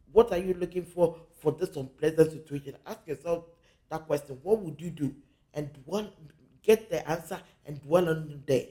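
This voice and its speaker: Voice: mid-range voice, dark tone. A spiritual teacher from Africa giving an earnest teaching talk, repeating key phrases for emphasis.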